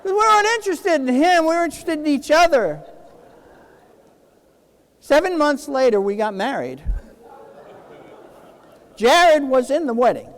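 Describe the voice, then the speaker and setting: A man's voice: very high voice, a little slow, long pauses, in a large hall. A man in his sixties from New Jersey gives a keynote speech, telling a personal story and acting out the dialogue. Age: 60s. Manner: animated, acts out quoted dialogue. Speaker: keynote speaker.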